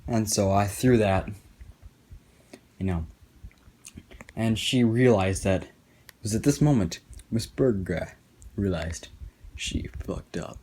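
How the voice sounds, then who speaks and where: A man's voice: lowish voice, takes it slowly, long pauses, a little mellow. A young man telling a sarcastic, profane story as casual commentary over gameplay. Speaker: gaming commentator.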